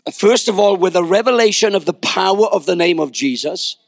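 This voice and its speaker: A man's voice: high-pitched, expressive, a little fast, no echo, clean studio sound. An older male pastor preaching a sermon, telling stories with wry asides and repeating words as he builds.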